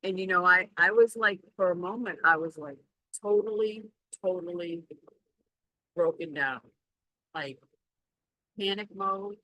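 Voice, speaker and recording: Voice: medium pitch, measured pace, pauses often, sharp tone, no echo, low-quality recording. A Reiki practitioner talking casually in a spiritual vlog, rambling and reflective as they reassure themselves aloud.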